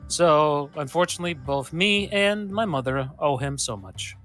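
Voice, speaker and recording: A man voicing a cheery but uncaring woman who keeps a deal, talking briskly and dismissively. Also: on the high side, expressive, a bit bright, faint music behind. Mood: matter-of-fact.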